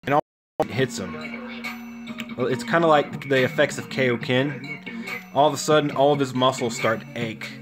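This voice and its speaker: A man casually retelling a cartoon story, rambling and halting with lots of fillers. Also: medium pitch, fairly even intonation. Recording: music playing under the voice.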